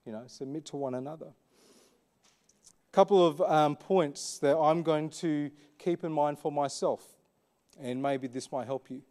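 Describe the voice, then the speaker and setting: A man's voice: fairly high pitch, a little slow, a little mellow. A man preaching a sermon as a pastor, in a conversational, questioning way with frequent fillers.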